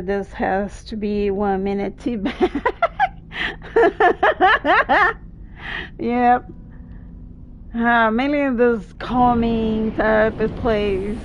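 High-pitched excitable woman gaming. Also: slight background noise, poor audio. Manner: excitable, swears and shrieks at setbacks; talks to chat, apologizing. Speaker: gamer streaming a boss fight. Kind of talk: live gameplay commentary.

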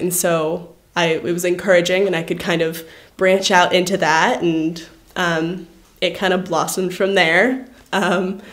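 Young woman, fairly low voice, reflective interview answers, lots of ums. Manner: reflective, many "um" and "like" fillers. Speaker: award honoree. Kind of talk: personal interview.

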